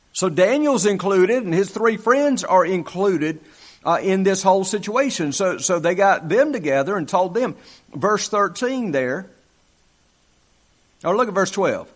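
Animated, conversational man preaching. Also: a little high. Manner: conversational, acts out Bible dialogue, frequent restarts. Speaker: pastor. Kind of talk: sermon.

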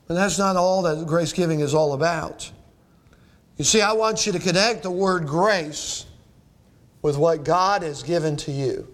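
A man's voice: a little high, normal speed. A middle-aged man preaching a sermon as pastor, reading scripture aloud and asking the congregation rhetorical questions.

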